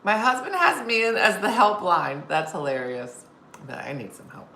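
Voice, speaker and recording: A chatty woman comedian hosts a casual live stream, spinning stories and answering viewers' comments. Her voice sits a little low, and the room around her rings with a faint hum of background noise. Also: sing-song, moderate pace, sharp tone, roomy sound. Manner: chatty storyteller reading viewer comments aloud. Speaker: comedian hosting a live show.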